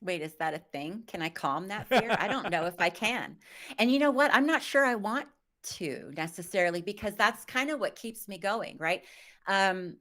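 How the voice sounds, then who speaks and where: A woman's voice: mid-range voice, lively intonation, moderate pace, a bit bright. A woman in her fifties, a guest on a live stream interview, speaking candidly and reflectively with self-deprecating humor.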